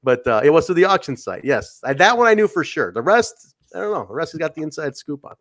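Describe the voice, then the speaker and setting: A man from the American Midwest hosting a wrestling podcast, joking in sarcastic, animated banter with his co-hosts. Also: fairly high pitch, quick pace. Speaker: podcast host. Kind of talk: casual wrestling podcast chat.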